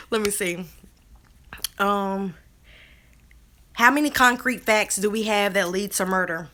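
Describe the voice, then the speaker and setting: A woman, talking to her viewers in a casual live stream, animated and drawling. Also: medium pitch, slow pace, long pauses. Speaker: co-host of a live video chat. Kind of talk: casual live-stream chat reading comments.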